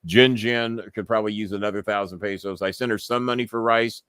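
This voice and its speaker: A man's voice: lowish voice, fairly even intonation, fairly quick, a bit bright, smooth, dry recording. A man hosting a casual live stream, cursing freely and laughing as he reads messages aloud. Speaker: host.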